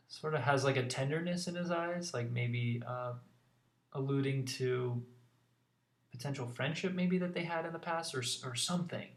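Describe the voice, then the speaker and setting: Rambling man pitching storyboards, gravelly. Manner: rambling, filler-heavy narration. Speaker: storyboard artist. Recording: roomy echo.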